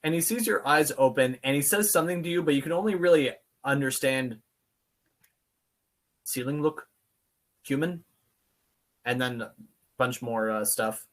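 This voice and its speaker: A man's voice: medium pitch, lively intonation, a little fast, a bit bright. A man running a tabletop game as game master, describing scenes with some hesitant fillers.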